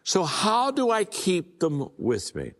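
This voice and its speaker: A man's voice: high voice, wildly swooping pitch, takes it slowly, a bit bright, long reverb tail. An older man giving a motivational leadership talk, telling folksy stories with frequent restarts and repeated words. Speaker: leadership speaker.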